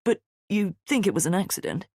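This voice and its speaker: A woman voicing a composed middle-aged man in an audiobook, measured and reasonable in tone. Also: medium pitch, big pitch swings, a little mellow, slightly rough, no echo, clean studio sound. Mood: guarded.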